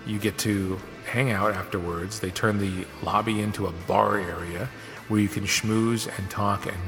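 A low-voiced man hosts his podcast from his office, telling a story in an animated, casual way. He acts out other people's lines as he goes. The room has a long ringing reverb, and music plays clearly underneath. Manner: animated, acts out quoted dialogue. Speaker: podcast host. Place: home office studio.

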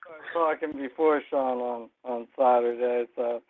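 A male co-host thanking listeners in a friendly, halting way. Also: mid-range voice, steady tone, noisy background. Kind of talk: casual greeting. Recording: tinny phone-line sound.

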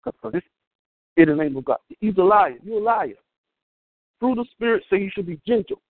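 A man preaches with a bright, high voice that leaps up and down in pitch. He jokes and calls out to the congregation as he goes. The sound is thin and phone-like, with no room echo. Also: moderate pace. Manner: animated, humorous preaching with call-outs to the congregation. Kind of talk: sermon.

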